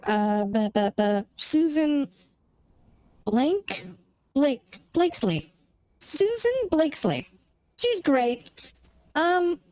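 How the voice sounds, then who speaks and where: A woman's voice: high-pitched, a little mellow, no room sound, low-quality recording. A woman streamer chatting casually while she plays, rambling and searching for words as she goes. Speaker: gaming streamer. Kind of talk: casual chat while playing a game.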